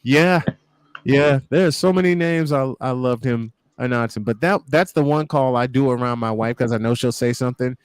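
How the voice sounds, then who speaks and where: A man's voice: medium pitch, moderate pace, clear, resonant tone, no room sound. A man on a podcast hangout, telling family stories in casual chat and acting out the quotes. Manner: animated storyteller who acts out quotes. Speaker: podcast panelist.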